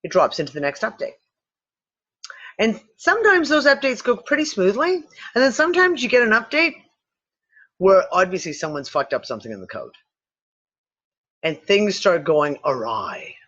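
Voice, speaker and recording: A man with a notably high voice talks through a speculative theory in a loose, meandering way, restarting sentences and swearing offhandedly. The sound is dull and lo-fi, with the top end muffled. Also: very animated, normal speed, long pauses, pushed and bright. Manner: rambling, swears casually, thinks aloud with restarts. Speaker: podcast host. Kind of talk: casual speculative talk. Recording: dull lo-fi recording.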